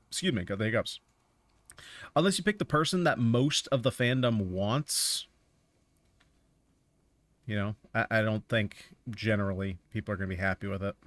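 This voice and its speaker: In a dry recording, a man with a fairly low, slightly bright voice chats at a moderate pace while streaming a game. His talk is loose and rambling, full of opinions as he plays.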